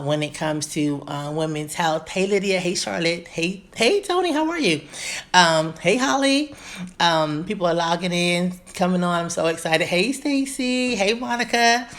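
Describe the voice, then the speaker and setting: A woman in her forties talks casually to viewers joining her live stream. Her voice sits a bit low, and she sounds bubbly and eager. She greets people by name and fills her talk with ums. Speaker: gynecologist hosting a live stream.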